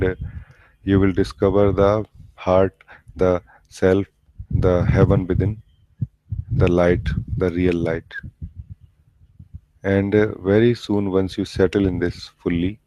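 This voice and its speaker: Soft-spoken man giving a spiritual talk. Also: low-pitched, no echo, poor audio. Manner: slow, gentle, halting, with many pauses and fillers. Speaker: spiritual teacher. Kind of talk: satsang talk.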